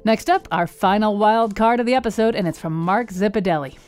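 A woman hosting a podcast, reading a crisp scripted introduction. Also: medium pitch, fairly quick, darkish tone, faint music behind. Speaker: podcast host.

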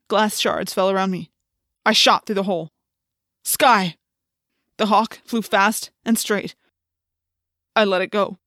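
A woman's voice: mid-range voice, fairly bright tone, no echo, studio quality. A woman narrating an audiobook in the first person, telling the story with intense, dramatic delivery.

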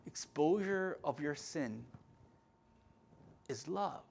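A man preaching a sermon as pastor, his voice a little high for a man. He swings between loud, emphatic pushes and hushed asides. He often stumbles into restarts and repeated words. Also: animated, takes it slowly, gravelly, breathy edge.

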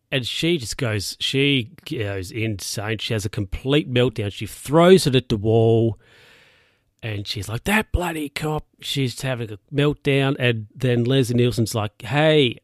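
A man's voice: medium pitch, dry recording, clean studio sound. A young man casually recapping a TV episode, rambling with lots of fillers and asides. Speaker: show recapper.

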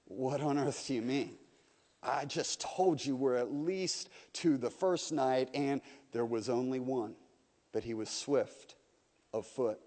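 This is a vast, ancient male lion speaking from the dark, put on by a man reading to a congregation. The voice is deep and hushed, slow and solemn but gentle. A long church reverb trails after each phrase. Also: lightly acted. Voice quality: deep, quiet and low.

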